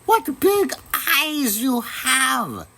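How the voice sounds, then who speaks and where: A man voicing a frightened little girl in a red hood, in a high, wavering child voice for a storybook reading. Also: sing-song, drawn-out words, bright, forceful tone, heavily acted. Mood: wary, frightened.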